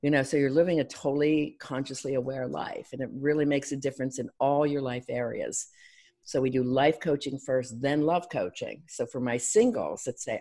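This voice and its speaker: A middle-aged woman from Philadelphia talks as a coach and counselor on a podcast. Her delivery is energetic and instructive. She slips into other people's voices to make a point. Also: very deep voice, normal speed. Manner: energetic, teacherly, acts out clients' voices. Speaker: life and love coach, counselor. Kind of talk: guest on an interview podcast.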